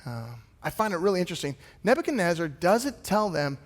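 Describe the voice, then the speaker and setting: A male pastor preaching a sermon, retelling a scripture story in a lively, casual storytelling way. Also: high-pitched, brisk. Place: church sanctuary. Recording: long reverb of a large hall.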